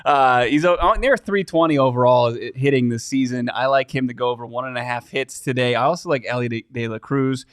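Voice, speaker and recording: A man co-hosting a casual sports betting chat, easygoing and quick with asides. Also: mid-range voice, fairly bright tone, smooth, no room sound.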